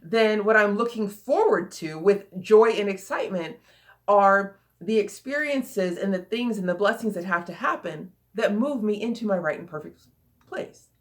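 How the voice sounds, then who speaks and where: A woman coach giving a casual, chatty teaching talk, lively and repeating phrases for emphasis. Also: mid-range voice.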